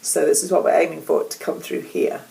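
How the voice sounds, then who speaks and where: A woman leading vocal warm-up exercises in a gentle, encouraging, unhurried way. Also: low-pitched, flat delivery, vocal fry, poor audio. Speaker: vocal coach. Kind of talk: casual instructional talk. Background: keyboard playing.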